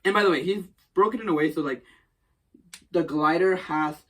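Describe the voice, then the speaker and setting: A woman's voice: lowish voice, normal speed, fairly bright tone. A woman co-hosting a podcast, retelling a comic story in casual chat, acting out quotes and swearing freely. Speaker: podcast co-host. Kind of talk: casual comic book recap.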